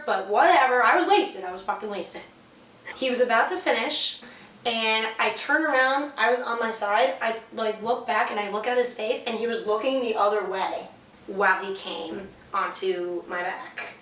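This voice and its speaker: A young woman with a somewhat high voice tells a candid, profane story in a lively, casual way. She sounds distant from the microphone in an echoey room. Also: normal speed. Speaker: vlog co-host. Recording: echoey room, mic far off.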